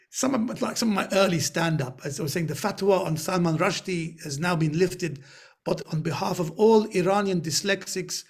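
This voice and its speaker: A middle-aged man telling stories in an animated way on a video call, often laughing as he talks. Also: on the high side, creaky, breathy edge. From Britain. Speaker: guest speaker. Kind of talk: anecdotal storytelling.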